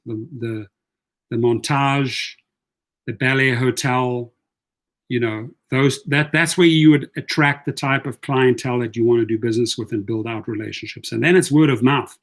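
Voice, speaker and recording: A man's voice: mid-range voice, a bit bright. Chatty man answering a live chat. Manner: chatty, reads viewer comments aloud, repeats words. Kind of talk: casual livestream advice.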